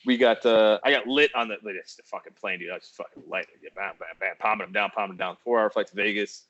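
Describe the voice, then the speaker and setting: A man hosting a podcast, telling a casual story in a profane, animated way and laughing often. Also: lowish voice, fast talker, no echo. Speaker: podcast host. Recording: dull, dry lo-fi podcast audio.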